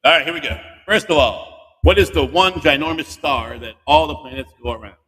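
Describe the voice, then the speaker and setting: A man's voice: on the high side, a little fast, slightly rough, in a large hall. A man hosting a podcast with two children, quizzing them in a playful, teasing way and cheering them on. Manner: animated, teasing, cheering the kids on. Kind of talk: playful kids' quiz chat.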